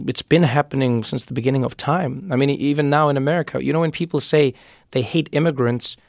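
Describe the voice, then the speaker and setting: Man, gravelly voice, dry close recording, interview guest, reflective, repeats words while thinking. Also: mid-range voice, dry recording. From South Africa. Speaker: guest, comedian and author. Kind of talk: conversational interview.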